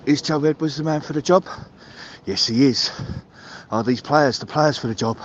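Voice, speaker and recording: A man's voice: moderate pace, muffled recording, a little hiss or hum. Swearing man ranting on voicemail. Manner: heated, swearing, builds to shouting pitch. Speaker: caller leaving a voicemail. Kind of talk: angry football fan rant.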